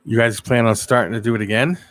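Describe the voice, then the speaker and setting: A man hosting a casual live stream, telling animated stories and answering viewers' chat. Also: mid-range voice, fast, no echo. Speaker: live-stream show host.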